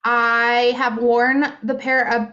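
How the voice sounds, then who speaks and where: A woman in her thirties co-hosts a podcast, chatting casually with lots of fillers and giggles while she has the hiccups. Her voice is a little high, pushed and bright, with little pitch movement and a slow pace. The podcast audio is muffled and lo-fi.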